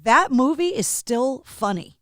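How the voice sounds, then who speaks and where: A woman's voice: high-pitched, animated, dry recording, clean studio sound. A woman hosting a podcast interview, wry and teasing in her chat. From Boston area. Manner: wry, teasing, quick retorts. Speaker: podcast host. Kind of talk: conversational interview.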